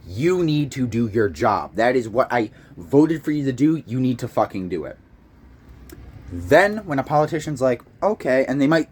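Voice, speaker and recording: A man's voice: on the high side, slightly rough. Young man ranting heatedly. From United States. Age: young adult. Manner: heated, profane, rambling with restarts. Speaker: political commentator. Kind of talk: casual rant to camera.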